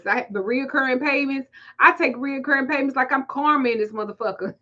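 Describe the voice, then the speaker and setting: A spiritual reader with a Southern US accent hosts a casual livestream, spinning stories through loose, profane, laughing banter. Her voice is high, pushed and bright, at a moderate pace, though the audio sounds dull.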